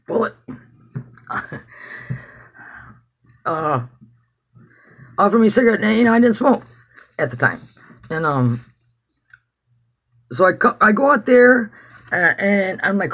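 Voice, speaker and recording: A man's voice: sits high, sing-song, slow, pauses often, a bit bright. A man telling a personal story as testimony in a rambling, casual way, swearing freely. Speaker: activist giving testimony.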